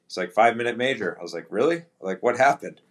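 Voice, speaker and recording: Talking fast in a lowish voice, a pro hockey player on a podcast shares a laid-back story. He quotes his teammates by performing their words, and his delivery is full of restarts and fillers.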